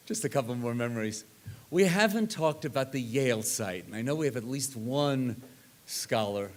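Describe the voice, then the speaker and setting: An older man speaking at a reunion, telling animated anecdotes and acting out the people in them. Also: fairly high pitch. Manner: animated anecdote teller, acts out others' lines. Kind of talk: storytelling talk.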